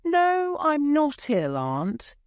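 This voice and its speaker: A woman voicing an excited, bold young boy in a storybook reading. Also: high-pitched, extremely slow, no echo, clean studio sound, voice pushed up, full character voice.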